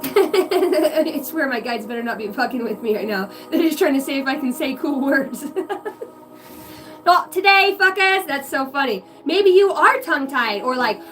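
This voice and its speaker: A woman's voice: high-pitched, lively intonation, a little slow, far from the mic, music in the background. A woman giving a rambling, profane channeled reading to her viewers, free-associating and giggling at herself. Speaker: psychic reader on a livestream.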